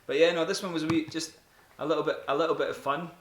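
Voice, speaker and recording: A man's voice: on the high side, fairly even intonation, fast talker, fairly bright tone. A man hosting a casual beer review, joking and rambling with a friend. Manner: joking, rambling, with frequent laughter. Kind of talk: casual chat. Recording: roomy echo with faint hiss.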